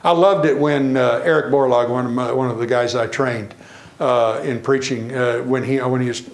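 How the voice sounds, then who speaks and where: A man preaching a sermon in a church, animated, varying his pace and acting out the people he quotes. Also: medium pitch, moderate pace, echoey room. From Tennessee.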